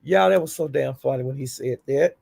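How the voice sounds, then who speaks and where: A woman's voice: rumbling low, fairly quick, creaky, a little mellow, husky. A woman hosting her own livestream, telling stories in a profane, laughing, casual rant. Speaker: livestream host.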